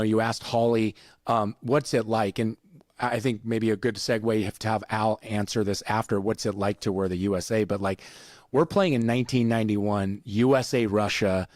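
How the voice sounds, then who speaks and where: A man's voice: fairly low pitch, steady tone, normal speed, a little mellow, no room sound, clean studio sound. A man in his fifties, a former volleyball player, recalling matches on a podcast in a chatty, enthusiastic way. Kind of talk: casual conversation.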